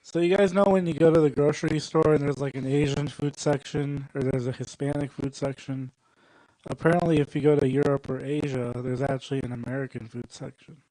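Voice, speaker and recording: A young man doing a stand-up set at a comedy club, rambling and working the crowd with deadpan asides. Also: mid-range voice, brisk, dry recording, rough recording.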